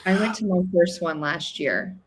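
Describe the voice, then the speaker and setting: A woman's voice: on the low side, big pitch swings, normal speed, husky. A woman co-host in casual chat, talking in a chatty, agreeable way.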